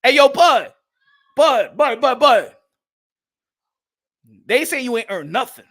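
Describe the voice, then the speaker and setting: A high-pitched man with a bright, sharp voice rants loudly about boxing as a channel host. He repeats himself often and tosses in "huh?" between lines. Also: sing-song, slow. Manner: loud, repetitive, trash-talking, keeps asking "huh?". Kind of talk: casual rant to camera.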